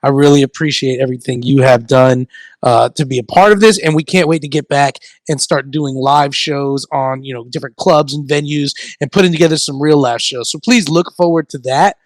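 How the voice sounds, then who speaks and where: A man hosting a casual comedy radio chat, laughing often and telling stories with animated, put-on quotes. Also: medium pitch, fairly quick, no room sound. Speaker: radio comedy show host.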